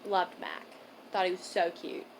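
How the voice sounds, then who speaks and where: A young woman co-hosting a casual podcast chat, blunt and profane, swinging from loud outbursts to mumbled asides. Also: lowish voice, a little slow, gravelly, a little hiss or hum. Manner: blunt, swears often, jumps between loud and mumbled. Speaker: podcast co-host.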